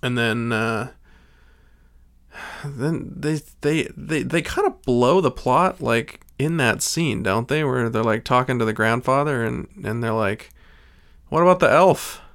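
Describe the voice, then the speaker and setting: Wry man with a smooth, clear voice. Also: mid-range voice, a little slow, fairly bright tone. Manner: wry, joking asides. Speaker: podcast co-host. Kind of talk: casual movie-review chat.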